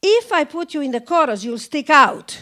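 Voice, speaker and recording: A woman with a Greek accent quoting a fussy, flattering male theatre director. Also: high voice, normal speed.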